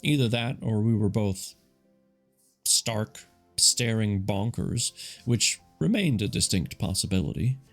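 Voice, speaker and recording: A man's voice: fairly low pitch, expressive, a little slow, faint music behind. A man narrating a novel live, casual, stopping to comment on and correct his own reading. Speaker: audiobook narrator. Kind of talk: live reading with chatty asides.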